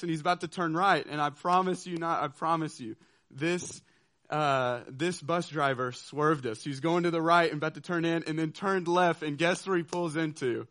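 A man telling a personal story to an audience, animated and laughing, often checking in with listeners. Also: fairly high pitch. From southeastern United States. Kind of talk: storytelling talk.

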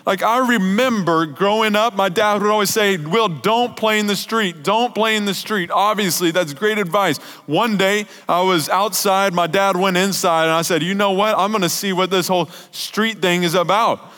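A young man preaches as a youth pastor, keeping his sermon casual and conversational. His voice sits on the higher side, and he pushes his points with emphasis before dropping soft and low. The sound rings with a long reverb in a church hall. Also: unhurried.

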